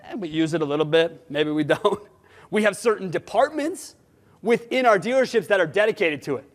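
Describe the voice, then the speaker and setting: A man giving a conference talk, blunt and animated, throwing rhetorical questions at his audience. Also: sits high, fairly quick. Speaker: sales management conference speaker. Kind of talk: conference presentation. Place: conference hall. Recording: long hall reverb.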